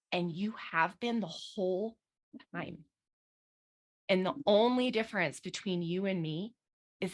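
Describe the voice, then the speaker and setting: A woman leads a guided meditation for an online session, her voice sitting a little low. She speaks slowly and gently, and drops the occasional frank swear word into the calm. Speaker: coach leading an online summit session. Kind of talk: guided visualization talk.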